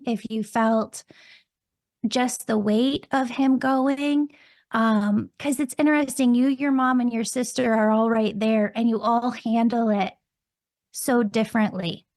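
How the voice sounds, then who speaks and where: Female podcast host, gentle and reflective interviewer, slightly high, dry close sound. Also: fairly even intonation, slow pace, dry recording. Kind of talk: interview questions.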